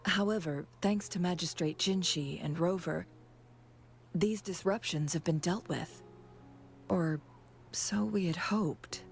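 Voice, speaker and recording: A woman voicing a calm, composed advisor figure in a game, measured and quiet, at times close to a whisper. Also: on the low side, creaky, soft background music. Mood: explaining. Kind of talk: game character dialogue.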